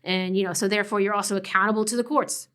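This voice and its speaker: A woman law professor speaking as a guest on a podcast interview, animated and quick to laugh, often trailing off and restarting her sentences. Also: medium pitch. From family from West Virginia. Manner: animated, laughs often, frequent fillers and self-corrections.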